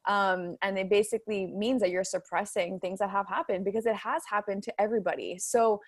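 A woman's voice: medium pitch, fairly even intonation, a little fast, dry recording. Young woman podcaster, dry close sound. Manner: rambling, many fillers and restarts. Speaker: podcast host. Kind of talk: casual podcast chat.

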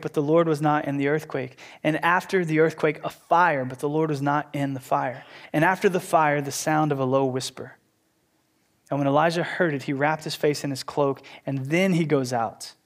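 A man teaching a sermon, retelling a scripture passage in an animated, conversational way. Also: a little high. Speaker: Bible teacher.

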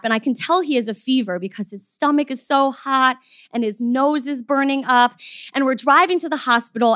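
A woman telling a personal story to an audience, expressive and acting out the people she quotes. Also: high-pitched, no room sound, clean studio sound.

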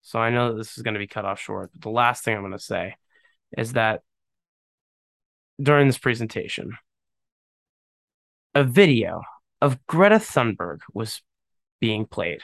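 A man's voice: fairly low pitch, animated, measured pace, gravelly, pauses often, a bit bright, dry recording. A man hosting a casual solo podcast, talking bluntly and ramblingly with a scoffing edge and many fillers. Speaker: podcast host.

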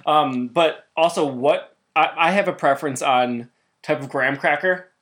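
A young man in his twenties with a slightly raised pitch chats eagerly on a casual podcast. His delivery is enthusiastic and talkative, quick to jump in with opinions. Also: fairly bright tone. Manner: enthusiastic, chatty. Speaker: podcast co-host. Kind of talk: casual chat.

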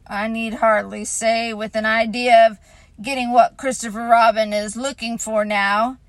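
A woman's voice: fairly high pitch, little pitch movement, a little slow, no echo. A woman voicing a gloomy, self-pitying old male donkey who makes a pompous, mournful speech.

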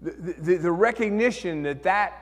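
A male pastor tells a story from the pulpit, his voice sitting somewhat high, and he acts out his own inner voices as he goes. The sound carries a long reverb, as in a church hall. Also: normal speed. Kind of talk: sermon with storytelling.

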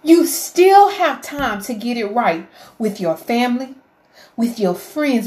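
Emotional woman, slow devotional talk. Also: on the high side, lively intonation, a little mellow. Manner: emotional, preacherly, rising to fervent appeals. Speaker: faith vlogger.

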